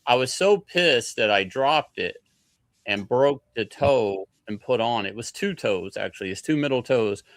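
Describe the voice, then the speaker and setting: A guest artist on a casual livestream talks matter-of-factly about his work, blunt and profane. He has a medium-pitched voice with lively intonation and an unhurried pace, recorded with no echo.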